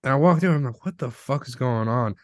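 A man's voice: medium pitch, fairly quick, a little mellow, no room sound. A man chatting casually, rambling storyteller with lots of filler words. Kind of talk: casual chat.

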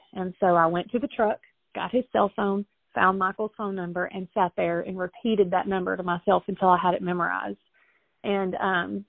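A young adult woman telling a painful family story as an interview guest, earnest and halting, with many restarts. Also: medium pitch, gravelly, no room sound, phone-quality sound. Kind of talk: emotional personal storytelling.

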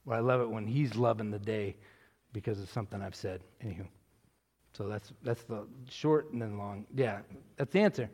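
A middle-aged man, a pastor, telling his story in a rambling way with many restarts and swelling into loud preaching. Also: lowish voice, normal speed, slightly rough. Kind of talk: testimony answering a question, church talk. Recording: long hall reverb.

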